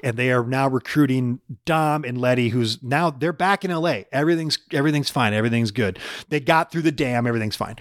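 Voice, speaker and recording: A man co-hosting a casual comedy podcast, playfully spinning absurd stories in quick bursts. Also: mid-range voice, fairly bright tone, dry recording, studio quality. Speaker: podcast co-host.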